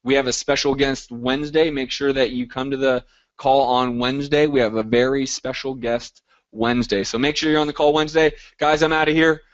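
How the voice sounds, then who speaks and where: A man's voice: medium pitch, steady tone, brisk, clean tone, lo-fi sound. A man hosting a live group coaching call, talking in an upbeat, motivational way and reacting to listeners by name.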